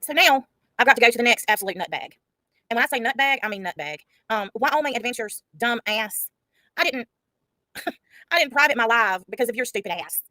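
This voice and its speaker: A woman's voice: fairly high pitch, animated, fairly quick, bright, forceful tone, no room sound, low-quality recording. A woman hosting a casual livestream, blunt and profane, mocking the people she talks about. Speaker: livestream host.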